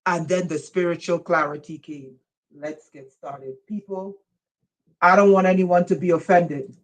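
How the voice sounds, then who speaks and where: A woman's voice: on the low side, fairly even intonation, a little slow, poor audio. Emphatic woman giving a spiritual lecture. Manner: emphatic, repeatedly urges listeners to listen; gets loud at times. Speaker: spiritual teacher.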